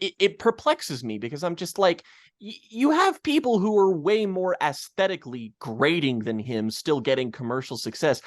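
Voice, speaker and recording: A man's voice: high voice, no room sound, clean studio sound. A man from Kentucky co-hosting a music podcast, ranting in casual chat, swearing freely and stumbling over restarts. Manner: ranting, profane, full of restarts and stammers. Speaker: podcast co-host.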